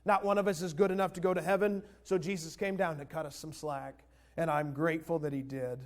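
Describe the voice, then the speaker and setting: Earnest high-voiced male pastor. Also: steady tone, a little fast. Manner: earnest, leads the congregation in call-and-response. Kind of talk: sermon.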